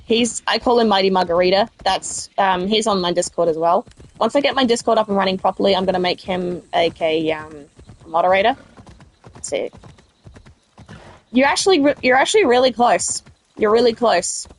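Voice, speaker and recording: Her medium-pitched voice is expressive and moves at a moderate pace. This South Australian woman streams a game, rambling chattily and responding to live chat as she talks with viewers.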